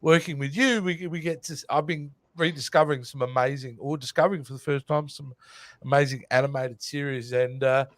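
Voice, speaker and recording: An Australian man co-hosting a casual podcast, enthusiastic and quick to laugh. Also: mid-range voice, fairly even intonation, dry recording. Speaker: podcast co-host.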